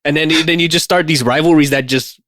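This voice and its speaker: A man co-hosting a casual podcast, talking in a relaxed way with lots of fillers and frequent laughs. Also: fairly high pitch, quick pace, no echo, clean studio sound. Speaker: podcast co-host.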